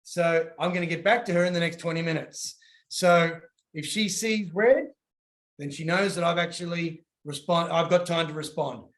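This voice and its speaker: A man's voice: a little high, moderate pace. A man giving casual coaching advice and acting out little voices as he tells stories. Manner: animated, acts out voices in his stories.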